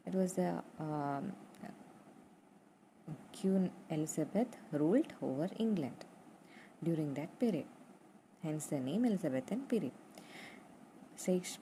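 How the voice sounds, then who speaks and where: A young woman teaching a literature lesson, going over points slowly and repeating them with fillers. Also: low voice, mellow, slight background noise, poor audio. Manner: slow and repetitive, spelling out points with fillers.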